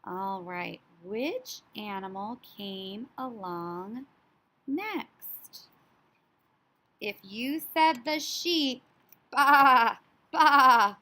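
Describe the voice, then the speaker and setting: In a story sequencing lesson for young kids, a woman talks with animated, child-directed energy and occasionally makes animal sounds. Her pitch is medium.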